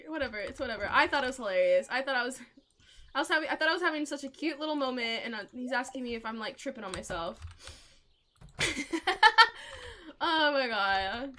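A woman's voice: high-pitched, expressive, brisk, long pauses, pushed and bright. A young woman streaming a game, chatting to viewers in a giggly, rambling way and telling stories. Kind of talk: casual live-stream chat while gaming.

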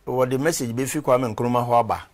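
A man's voice: mid-range voice, fairly even intonation, moderate pace. A man, a reverend and former footballer, talking as an interview guest in a rambling storytelling way and stopping to search for names. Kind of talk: conversational interview.

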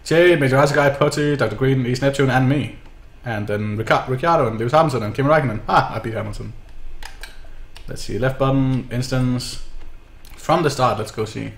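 A man's voice: mid-range voice, normal speed, reverberant. A man giving casual, sarcastic commentary while streaming a sim racing game, swearing and mocking himself.

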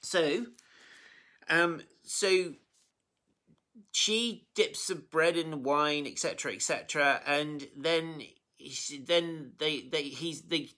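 Preacher, informal sermon, chatty storytelling, bright forceful tone, many ums and restarts. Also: medium pitch, slow pace. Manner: chatty and animated, full of fillers and self-corrections; emotionally moved by the story.

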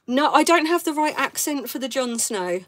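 A woman's voice: high-pitched, slight background noise. Chatty southern English woman crafting live. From south of England, London. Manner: chatty and rambling, laughs often. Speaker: craft live-stream host. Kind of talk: casual chat while crafting.

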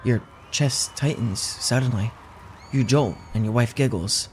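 A man's voice: mid-range voice, a little slow, slight background noise. Man narrating a tense story. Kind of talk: scripted second-person horror narration.

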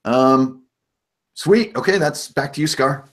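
A man's voice: medium pitch, slow, a bit bright. A man narrating as game master in an easygoing, conversational way, often hedging with "sort of" and "kind of".

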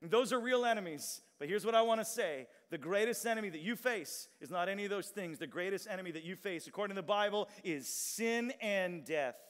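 High-voiced preaching man in a reverberant hall. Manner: animated preaching, shouts and drawn-out emphatic lines, audience call-and-response. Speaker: pastor. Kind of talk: sermon. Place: large church hall with long reverb.

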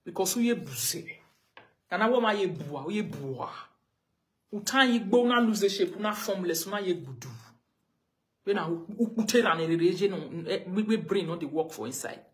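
A woman's voice: medium pitch, expressive, normal speed. A woman with a Nigerian accent, ranting on a live video and scolding someone with the same pointed questions again and again. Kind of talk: confrontational live rant.

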